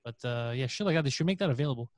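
A man's voice: medium pitch, expressive, very fast, dry recording. A man in a casual podcast chat, talking in scattered bursts with casual swearing. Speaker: comedian podcast host.

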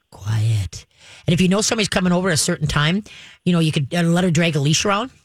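A woman's voice: sits low, no echo, clean studio sound. A woman hosting a radio call-in show about pets, chatty and direct, acting out the commands she recommends. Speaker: radio pet show host.

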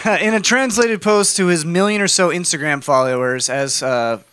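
A man's voice: fairly high pitch, normal speed, fairly bright tone, clear, resonant tone. A man co-hosting a podcast, reading news stories aloud and joking with his co-hosts. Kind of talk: casual podcast banter.

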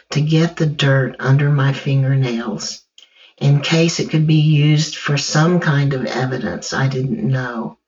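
A woman recounting her own ordeal in the first person, slow and measured, halting in places. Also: very deep voice, darkish tone. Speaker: survivor telling her story. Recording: dull distant recording with faint music.

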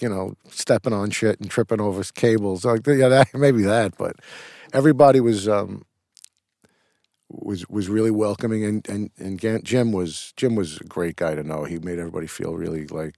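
A man's voice: fairly low pitch, fairly even intonation, moderate pace, gravelly, mellow, no echo, clean studio sound. A middle-aged man, an actor, telling rambling stories with restarts and casual swearing in an interview.

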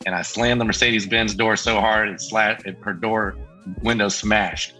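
A man's voice: lowish voice, moderate pace, soft background music, low-quality recording. A middle-aged man telling a story in casual chat, acting out the voices of the people he quotes. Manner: lively, acts out quoted voices. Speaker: band member guest.

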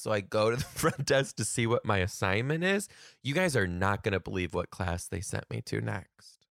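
A man and comedian telling a story casually to camera, animated, laughing often and swearing freely. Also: fairly low pitch, normal speed, vocal fry, no room sound, studio quality.

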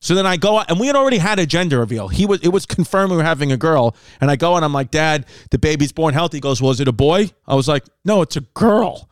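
Brash, foul-mouthed comedian, fairly high-voiced. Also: male voice, rapid-fire, few pauses, clear, resonant tone, no echo. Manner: loud, brash, swears a lot, animated voices for others. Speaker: comedian podcast host. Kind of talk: crude comedic podcast riffing.

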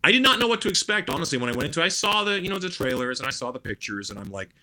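A man's voice: fairly high pitch, very animated, very fast, bright, forceful tone. A middle-aged man chatting casually as a podcast guest, rambling with many restarts and fillers. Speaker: guest musician.

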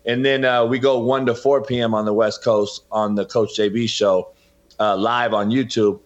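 A middle-aged man with a fairly low, steady voice speaks at a moderate pace as a guest in an interview. A football coach and podcaster, he's emphatic and impassioned, often saying the host's name, and the recording is dull and lo-fi.

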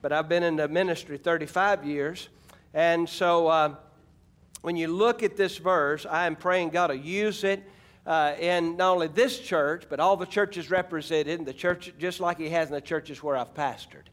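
Preaching with folksy emphasis and calling out to the people in the pews, this middle-aged Arkansas pastor has a somewhat high, slightly bright voice. His intonation stays fairly even, and his pace is moderate.

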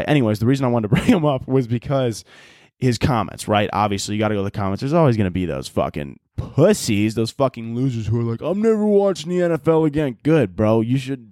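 A young man hosting his own podcast, chatting loosely and swearing freely between frequent laughs. His voice sits at an ordinary pitch, and the recording is dry and close, with no room sound. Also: a little mellow, no echo. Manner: profane, rambling, laughs often. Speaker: podcast host. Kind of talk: casual solo podcast chat.

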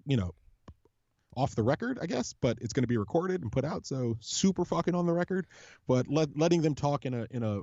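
Podcast guy rambling fan stories, lots of restarts and cussing, dark mellow tone, kinda muffled audio. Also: medium pitch, no room sound. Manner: rambling, swearing, storytelling with many restarts. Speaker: podcast co-host, supporters' group leader. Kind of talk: casual podcast chat.

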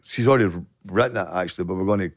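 A middle-aged Glaswegian Scottish man, a guest actor telling stories in casual podcast chat, profane and animated. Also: deep voice, rapid-fire, no echo. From Scotland.

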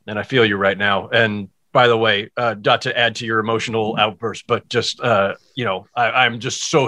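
A man's voice: lowish voice, pushed and bright. A man who is a guest sportswriter on a podcast, speaking in casual chat in a reflective, heartfelt way.

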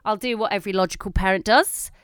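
Talking fast, a woman in her thirties co-hosting a casual podcast tells lively stories, acting out the quotes with big pitch swings. Her tone is clean, and the studio recording is dry.

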